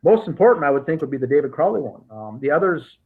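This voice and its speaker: A man's voice: fairly high pitch, sing-song, fast. A man hosting a podcast, recounting case details methodically with frequent restarts. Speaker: podcast host. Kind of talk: casual investigative discussion. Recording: tinny phone-like line.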